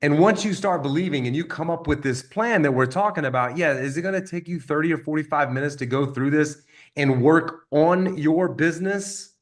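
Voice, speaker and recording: A man giving an energetic motivational sales training talk, acting out stories with quoted voices. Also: fairly high pitch, moderate pace.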